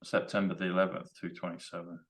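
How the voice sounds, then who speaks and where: An English man hosting a casual chat, excitable and rambling as he works through number codes aloud. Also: deep voice, fast, echoey room. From England. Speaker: show host.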